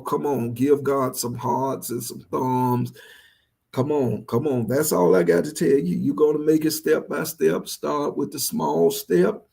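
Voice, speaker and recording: A male pastor with a Southern US accent preaches to an online audience. His voice is dark and gravelly, with a husky edge. He repeats his phrases and builds to fervent peaks. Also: on the high side. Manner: preachy, repetitive, rising to fervent energy. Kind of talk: livestreamed sermon.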